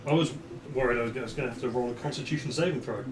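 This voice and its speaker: Wry man, distant and roomy. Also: medium pitch. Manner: wry, quick quips. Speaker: tabletop game player. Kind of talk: tabletop game banter.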